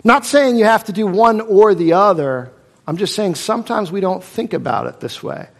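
A man preaching a sermon in a church, his voice sitting a little on the higher side. He drives his points home by repeating key phrases and slipping into quoted voices. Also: lively intonation, normal speed, creaky. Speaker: pastor.

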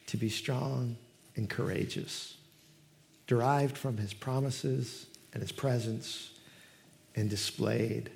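A man preaching a sermon as pastor at a church service, telling stories with lively quoted voices. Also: medium pitch. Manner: animated storytelling, acts out quoted voices.

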